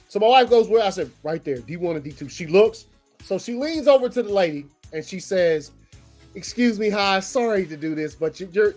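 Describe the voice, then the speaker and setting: Animated, profane man telling a story. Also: high-pitched. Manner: animated, profane, acts out quotes. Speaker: podcast host. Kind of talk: casual storytelling.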